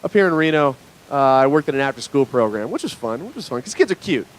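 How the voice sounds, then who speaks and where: A young man from Nevada doing a stand-up comedy set on a club stage, mostly deadpan with sudden loud bursts. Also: mid-range voice, quick pace, slight background noise.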